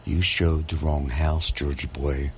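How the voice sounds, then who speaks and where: A man's voice: very deep voice, flat delivery, unhurried, slight background noise. A man voicing a blunt, drawling female office receptionist in a true-life podcast story. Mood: blunt warning. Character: blunt middle-aged woman office receptionist.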